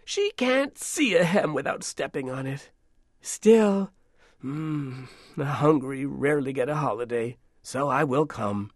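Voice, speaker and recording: A man reading a story aloud, voicing a fussy, sharp-tongued but caring older woman who scolds and mothers. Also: medium pitch, lively intonation, a little slow, dry recording, clean studio sound. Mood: scornful.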